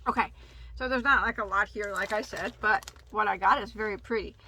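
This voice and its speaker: A woman's voice: medium pitch, a little fast, pushed and bright, a little hiss or hum. A woman hosting a casual yarn haul video, chatty and tripping over yarn names. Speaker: crochet channel host.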